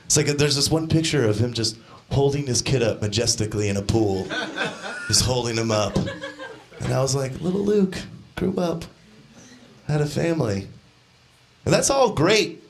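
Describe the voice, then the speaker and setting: A young man doing a stand-up comedy set on a club stage, deadpan, now and then shouting out the lines of the people in his stories. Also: mid-range voice, normal speed. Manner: deadpan, acts out quoted characters with shouted voices. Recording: live club set with crowd laughter. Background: audience laughter.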